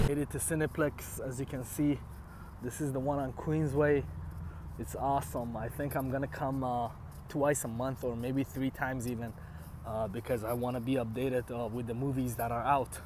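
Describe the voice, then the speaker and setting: A young man casually vlogging on a city street from a handheld phone, halting with lots of "uh" and self-deprecating remarks. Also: mid-range voice, little pitch movement. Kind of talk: casual walk-and-talk vlog. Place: outdoors in a city, at a bus stop. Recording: phone mic with loud street noise.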